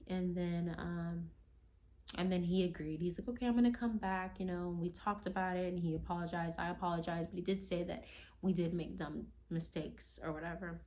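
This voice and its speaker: Woman, lowish voice, casual storytime vlogger, rambling, acts out quotes. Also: darkish tone. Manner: chatty, rambling, heavy on "like" and "you know"; acts out quoted lines in a raised voice.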